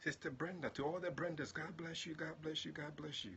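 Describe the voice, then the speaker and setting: Bright-voiced male pastor chatting with viewers. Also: steady tone, fairly quick, vocal fry, slight background noise. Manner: chatty and affectionate, greets viewers by name, jumps to high exclamations. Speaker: prophet and pastor. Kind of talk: livestream prayer and chat with viewers.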